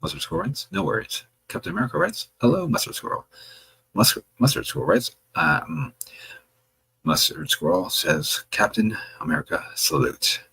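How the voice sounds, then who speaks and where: A man hosting a livestream, reading viewer comments aloud with a chatty, wry manner and a gravelly voice. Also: medium pitch, very animated, normal speed, bright, forceful tone, poor audio. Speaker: livestream host reading chat. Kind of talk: casual livestream chat.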